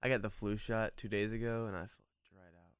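Easygoing low-voiced man chatting. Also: flat delivery, brisk, smooth, no room sound, studio quality. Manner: easygoing, laughs often. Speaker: co-host watching a movie. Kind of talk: casual movie watch-along chat.

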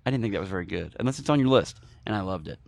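A man co-hosting a movie podcast, chatting in an animated, joking, rambling way. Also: low voice, racing, vocal fry, no room sound. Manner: animated, jokey, rambling with food analogies. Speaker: podcast co-host. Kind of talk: casual movie podcast chat.

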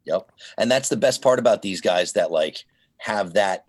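A man who works in voiceover, a guest on a remote call, telling stories in an animated way and slipping into voices. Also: on the low side, normal speed, breathy edge, no room sound. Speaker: voiceover artist, interview guest. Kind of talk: casual interview chat. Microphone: remote call connection.

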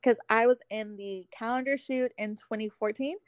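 A woman's voice: fairly high pitch, moderate pace, dry recording. Bubbly young woman telling stories. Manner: animated storyteller acting out quotes, giggly. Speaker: podcast guest, former pro cheerleader. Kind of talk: casual chat.

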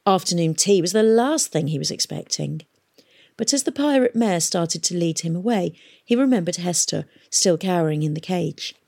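A woman reading a storybook aloud in a steady, expressive narration. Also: on the low side, normal speed, creaky. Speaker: audiobook reader.

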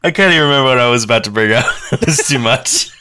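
A man's voice: medium pitch, lively intonation, fast talker, bright, forceful tone, smooth. A man co-hosting a casual movie podcast, giggling, swearing and acting out quotes. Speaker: podcast co-host.

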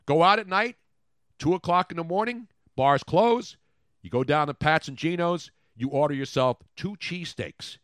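Older male host, gruff yarn-spinner, mumbles at times, dry studio mic. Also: a little high, moderate pace, a bit bright, dry recording. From Philadelphia. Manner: gruff, storytelling, drops to a mumble. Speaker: radio show host. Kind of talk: casual studio banter.

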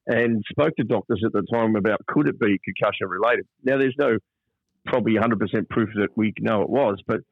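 Older aussie bloke on a podcast, chatty and worked up, tinny dry phone-like sound. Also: male voice, fairly low pitch, brisk, no echo. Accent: Australian. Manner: animated storyteller who acts out quoted voices. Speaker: podcast co-host, player manager. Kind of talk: casual storytelling chat.

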